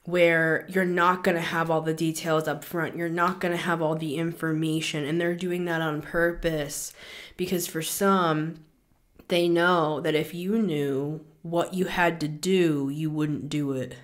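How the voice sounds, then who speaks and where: A woman's voice: sits low, fairly even intonation, unhurried. A woman hosting a spiritual reading show, talking earnestly to listeners and repeating words for emphasis, a little out of breath. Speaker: spiritual reader, show host. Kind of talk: intuitive reading monologue.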